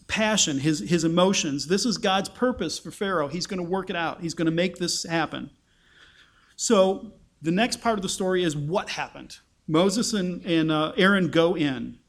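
A man preaching a conversational Bible-teaching sermon, asking his listeners rhetorical questions. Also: fairly high pitch.

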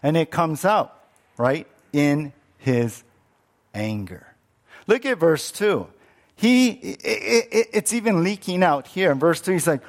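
A man preaching a sermon as pastor, animated, acting out quoted lines with many restarts. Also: sits high, measured pace.

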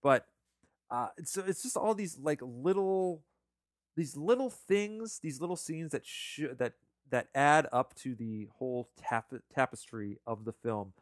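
Lively, halting man talking film. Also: medium pitch, no room sound, clean studio sound. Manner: animated, halting with many restarts. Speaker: podcast co-host. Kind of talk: casual film discussion.

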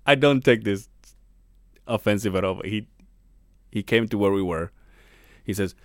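A man's voice: on the low side, moderate pace, long pauses, no echo, clean studio sound. A man co-hosting a podcast, telling a work story in casual, profane chat. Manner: profane, animated, swears a lot. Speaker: podcast co-host; construction worker.

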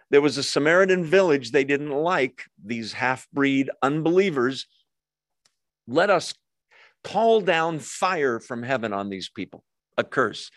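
A man leading a Bible study in an earnest, conversational way, pausing over his notes with fillers and acting out quoted speech. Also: mid-range voice, a bit bright, no room sound.

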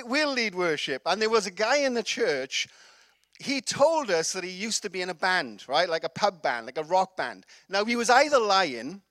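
A middle-aged Welsh man preaches a sermon in a relaxed, chatty way, full of fillers and quick asides. His voice sits high for a man. The sound is dry and close, with no room around it. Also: dry recording. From Wales. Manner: chatty, laughing storyteller with many fillers. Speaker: pastor.

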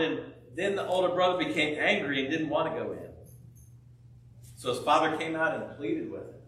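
A man delivers a sermon, retelling a parable and animating each character as he goes. His voice sits a bit high for a man. The sound is very echoey and comes from some distance away from the mic. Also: fairly quick. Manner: animated storytelling, acting out biblical characters' voices. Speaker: pastor.

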